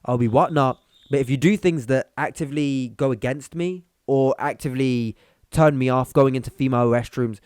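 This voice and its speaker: A man's voice: medium pitch, moderate pace, a little mellow, clear, resonant tone, dry recording, studio quality. A young man hosting a commentary video, talking bluntly and mockingly in a rant. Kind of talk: reaction commentary.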